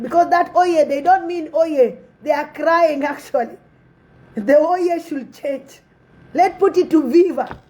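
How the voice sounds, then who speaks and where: A woman's voice: sits high, darkish tone, poor audio. A woman giving an impassioned spoken address to her community, pleading and exhorting with repeated phrases. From South Sudan.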